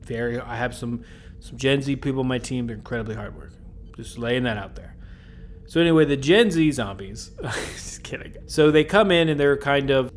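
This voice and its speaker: A man's voice: medium pitch, lively intonation, normal speed, slight background noise. A man hosting a podcast, recapping an episode in a casual, joking way with rambling asides. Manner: jokey, rambling asides with chuckles. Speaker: podcast host.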